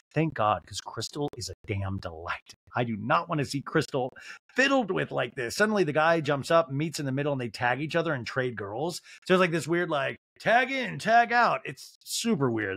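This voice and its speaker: A man hosting a podcast, recapping reality TV in an animated, crude comic style and laughing at his own jokes. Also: medium pitch. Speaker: podcast host.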